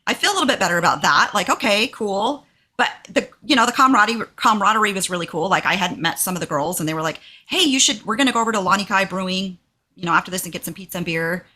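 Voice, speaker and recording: This podcast co-host from Texas talks quickly at medium pitch. She's telling a story in relaxed conversation, getting animated and acting out quoted lines in a raised voice.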